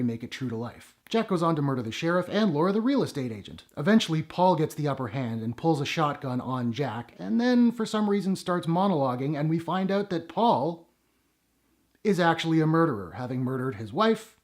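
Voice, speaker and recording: Jokey man reviewing a film, higher voice. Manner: jokey and blunt, swears for emphasis. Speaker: movie reviewer. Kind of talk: casual vlog review.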